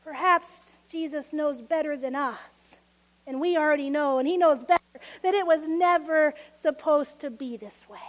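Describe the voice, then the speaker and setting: A woman preaching a sermon, expressive and laughing often, acting out voices of people from the story. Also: high-pitched, normal speed.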